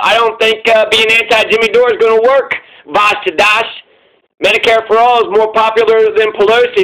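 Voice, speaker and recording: A man's voice: sits high, sharp tone, low-quality recording. A man hosting his own channel, delivering a heated, profane political rant full of repetition. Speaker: commentary channel host.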